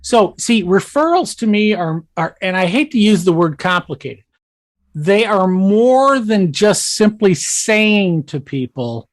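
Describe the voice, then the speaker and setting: A man hosting a casual business podcast, an animated storyteller who acts out the quotes in his anecdotes. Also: sits high, a little slow, dry recording, clean studio sound. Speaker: podcast host. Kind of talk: casual conversation.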